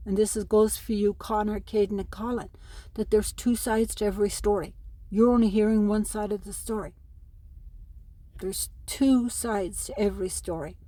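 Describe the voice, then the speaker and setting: A middle-aged mother from Ireland speaks straight to camera about custody from her home in New Mexico, pleading emotionally and aggrieved as she talks to her sons. The dry recording carries her medium-pitched, mellow voice.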